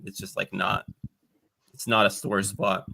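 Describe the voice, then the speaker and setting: Stream host, male, bright lower voice, chatty and joking. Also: little pitch movement, measured pace, gravelly. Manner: chatty, joking, wry asides. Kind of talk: casual chat. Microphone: video call.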